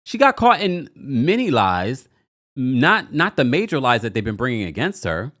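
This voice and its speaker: Animated man recapping reality TV. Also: mid-range voice, moderate pace. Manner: chatty, animated, reads out listener comments. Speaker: podcast host.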